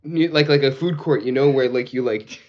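A man's voice: medium pitch, over a noisy crowd. A man co-hosting a podcast in casual chat, leaning on lots of "like" fillers. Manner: unhurried, full of "like" fillers. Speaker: podcast co-host. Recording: dull lo-fi sound.

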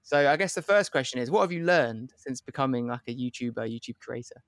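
A man's voice: medium pitch, lively intonation, quick pace, dry recording, clean studio sound. A man interviewing a guest, asking conversational questions and moving the talk along. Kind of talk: podcast interview.

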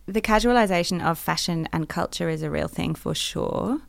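A woman's voice: lowish voice, moderate pace, vocal fry, dry recording. A middle-aged woman with a British accent, a guest in an interview, talking in an articulate, emphatic way and laughing easily. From Britain. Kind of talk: conversational interview.

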